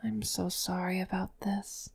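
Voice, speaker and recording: A woman's voice: mid-range voice, unhurried, vocal fry. A woman voicing a worried, weary mother in a fan game dub, sighing and apologetic.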